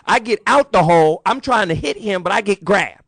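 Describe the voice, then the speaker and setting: Guy hosting a radio show, laughs a lot, pitch all over the place, dry close sound. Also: a little fast, vocal fry, no room sound. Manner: animated storyteller, laughs often. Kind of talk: casual radio talk.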